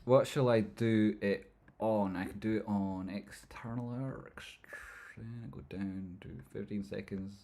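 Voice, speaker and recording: A man's voice: fairly low pitch, steady tone, dark tone. A man hosting a casual livestream. He jokes and rambles, reading viewer comments aloud and jumping between banter and market talk. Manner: joking, rambling, quick jumps between banter and analysis. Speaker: livestream host.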